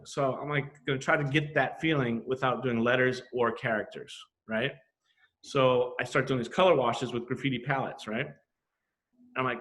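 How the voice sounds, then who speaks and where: On a podcast, a middle-aged graffiti artist guest speaks fairly quickly with a mid-range voice. He is animated, swears casually in relaxed conversation, and performs the back-and-forth of the exchanges he recounts.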